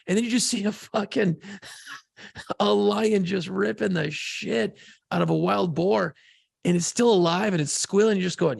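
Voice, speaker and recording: A man co-hosting a podcast, telling a profane, excitable story in casual chat. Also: high-pitched, moderate pace, no room sound, studio quality. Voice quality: gravelly, husky voice. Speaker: podcast co-host.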